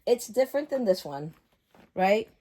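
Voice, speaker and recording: A woman vlogger chatting casually through an unboxing, gushing and excitable. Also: medium pitch, normal speed.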